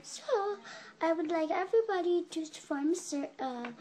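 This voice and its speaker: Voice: extremely high pitch, crowd noise. A child voicing a fussy pet camp counselor. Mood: bossy. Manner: fussy, calls campers honey, halting with ums. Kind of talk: toy role-play video.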